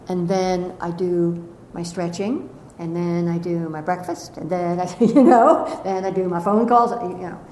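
Gentle woman teaching in an echoey room. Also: mid-range voice. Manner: gentle, affectionate, repeats key words. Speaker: spiritual teacher. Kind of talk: inspirational talk to a live audience. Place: warm room full of listeners. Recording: roomy echoing room.

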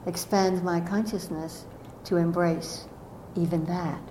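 A woman giving a gentle, affectionate inspirational talk to a live audience as a spiritual teacher, often repeating key words. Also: on the low side, steady tone, takes it slowly, a little hiss or hum. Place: warm room full of listeners. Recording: roomy echoing room.

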